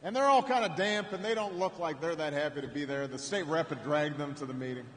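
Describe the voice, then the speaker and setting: A man giving a storytelling campaign speech at a rally in a large arena, with frequent repeated words and restarts and pauses for effect. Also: fairly high pitch. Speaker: political speaker at a rally. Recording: echoing arena with faint ambience.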